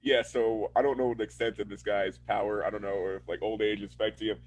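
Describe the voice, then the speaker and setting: Husky-voiced man in casual podcast banter. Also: fairly low pitch, brisk, low-quality recording. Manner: rambling, animated, voices characters when retelling scenes. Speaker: podcast co-host.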